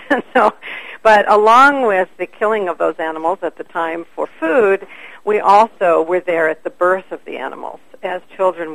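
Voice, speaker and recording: Gravelly older woman telling stories. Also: on the low side, dry recording, low-quality recording. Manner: animated, acts out quoted voices. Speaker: interview guest. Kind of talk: conversational storytelling.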